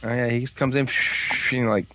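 A man in casual fan chat on a podcast, rambling with halting restarts and acted-out quotes. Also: medium pitch, fairly even intonation, background noise. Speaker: podcast co-host.

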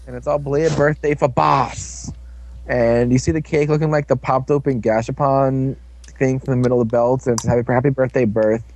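A young man recaps a show episode for his podcast in a mid-range voice that's steady, brisk and a little mellow, over slight background noise. He's casual and rambling, joking and dropping into silly voices for characters.

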